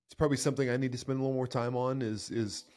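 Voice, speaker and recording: A man hosting a podcast interview, asking thoughtful, halting questions with many restarts. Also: medium pitch, steady tone, darkish tone. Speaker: podcast host. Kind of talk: interview conversation.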